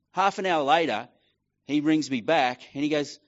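Man, middle-aged, pastor, conversational sermon, animated quotes, slightly dull recording. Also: a little high, a little fast. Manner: animated storytelling with voiced quotes, casual asides.

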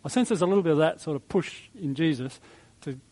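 Pastor with a higher male voice. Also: quick pace, rough recording. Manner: conversational, reflective, with soft chuckles and fillers. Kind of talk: sermon.

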